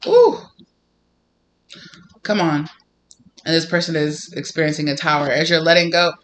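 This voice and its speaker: A man giving a casual tarot reading to camera, animated and emphatic, often breaking into laughter. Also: a little high, fairly quick. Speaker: tarot reader.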